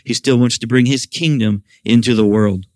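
Middle-aged male pastor, animated sermon delivery, mid-range voice, dry close sound. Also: normal speed, no echo. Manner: animated preaching, voicing quoted questions in a raised pitch. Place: church service.

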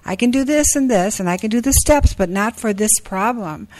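Woman in her sixties sharing haltingly. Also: mid-range voice, lively intonation, a little mellow, poor audio. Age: 60s. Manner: halting, with many fillers and restarts. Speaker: meeting speaker. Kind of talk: sharing at a support group meeting.

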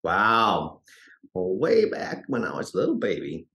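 Low, slow-talking man from Colorado with a groggy morning voice; halting, reflective interview guest. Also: huge pitch swings, gravelly, fairly bright tone. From Fort Collins, Colorado, USA. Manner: halting, many fillers and restarts. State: early morning voice, lower than usual. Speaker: guest, actor and director. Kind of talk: casual interview storytelling.

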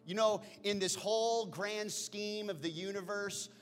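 A pastor delivering a sermon, swinging from hushed whispers to loud exclamations. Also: male voice, high-pitched, steady tone, unhurried. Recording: long hall reverb with faint music.

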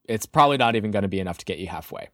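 A man's voice: fairly low pitch, lively intonation, racing, a bit bright. Man narrating as a playful game master. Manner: playful, descriptive, laughs often.

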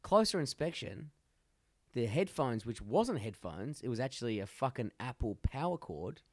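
A man's voice: medium pitch, big pitch swings, normal speed, no room sound, clean studio sound. A young man co-hosting a podcast, telling rambling crude stories and swearing constantly. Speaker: podcast co-host. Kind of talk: casual chat.

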